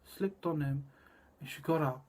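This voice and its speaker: Husky man in a cryptic rambling monologue. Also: fairly high pitch, a little slow. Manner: cryptic and repetitive, drifting between murmurs and loud bursts.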